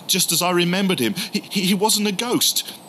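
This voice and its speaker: A man telling the story in the first person as a grieving, doubting male disciple, halting and emotional, repeating words. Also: high-pitched, fairly bright tone, a little hiss or hum. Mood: awed.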